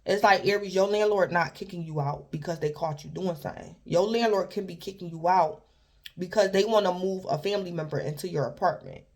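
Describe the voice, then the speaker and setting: Woman, casual tarot reading, rambling, repetitive, talks straight to the viewer. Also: medium pitch. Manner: rambling, repeats herself, keeps addressing the listener by star sign. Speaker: tarot reader.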